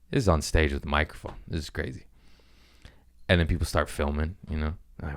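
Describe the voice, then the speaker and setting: A man's voice: a bass voice, steady tone, a little fast, clear, resonant tone. A man hosting a podcast, casually telling a rambling, profane story about his comedy gig.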